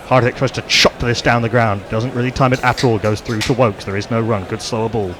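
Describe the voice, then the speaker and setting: A man gives live ball-by-ball cricket commentary for radio, laying out the field placings and each ball in steady detail. His voice sits at a middling pitch. A faint hum of noise runs behind him. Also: brisk. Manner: steady descriptive play-by-play, rising on big moments.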